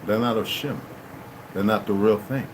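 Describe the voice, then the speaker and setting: A man's voice: on the low side, steady tone, moderate pace, background noise. A man hosting his own channel, reading a text aloud and breaking off into casual asides to his listeners. He stumbles over hard words and restarts often. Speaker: channel host.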